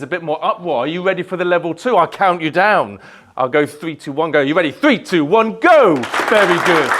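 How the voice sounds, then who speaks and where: A man's voice: a little high, a bit bright, slight background noise. A man giving a live motivational talk, energetically leading the crowd in chants and telling his story. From Yorkshire, England. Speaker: motivational speaker. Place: indoor event hall, live audience.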